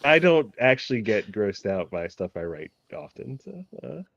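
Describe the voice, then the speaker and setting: A man's voice: mid-range voice, very animated, normal speed, vocal fry, fairly bright tone. A man, an author and game master, chatting casually and animatedly, often laughing at himself. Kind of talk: casual chat. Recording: dull lo-fi audio.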